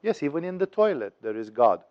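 A man's voice: a little high, very animated, fairly quick. A man giving a spiritual teaching talk, telling parables with wry humor and acting out their voices. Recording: dull lo-fi recording.

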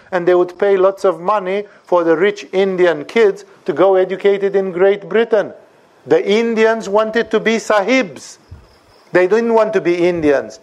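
A man giving an animated lecture on scripture, often asking rhetorical questions and checking for agreement. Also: high voice. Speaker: spiritual teacher.

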